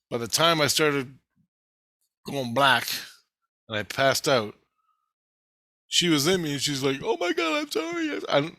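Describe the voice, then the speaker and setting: A man's voice: mid-range voice, gravelly, bright, forceful tone, dry recording. A man casually telling a personal story in a blunt, rambling way, swearing freely and laughing at himself. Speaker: vlogger.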